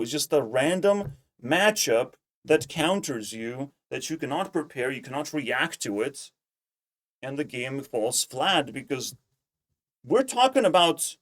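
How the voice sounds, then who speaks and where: A man streaming casual commentary, ranting in a heated, profane way and repeating himself when worked up. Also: on the high side. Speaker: streamer reacting to clips.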